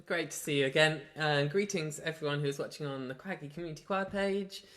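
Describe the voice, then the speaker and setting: A man's voice: fairly high pitch, quick pace, a bit bright. A man leading a home choir session online, explaining the parts and singing lines for people to copy. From South London. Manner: talks, then demonstrates sung lines. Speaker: choir leader.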